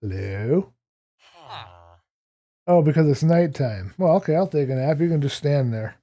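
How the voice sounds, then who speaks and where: A man gives relaxed gameplay commentary in an unhurried, drawn-out way, his voice dark and mellow yet pitched a little high. He talks to the characters on screen and to his viewers and chuckles often. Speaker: streamer.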